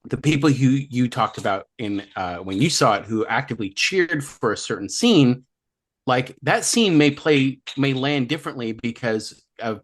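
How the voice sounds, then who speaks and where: A man's voice: mid-range voice, animated, moderate pace. A man co-hosting a movie podcast, chatting casually and rambling through his points. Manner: rambling, many fillers and restarts. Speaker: podcast co-host. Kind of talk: casual chat.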